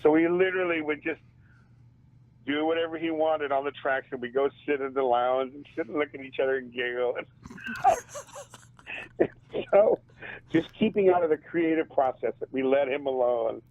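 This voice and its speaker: A man, a band drummer and interview guest, telling stories in a casual and animated way and laughing often. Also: a little high, normal speed, long pauses, a little hiss or hum. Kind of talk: casual storytelling. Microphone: phone. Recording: tinny phone line.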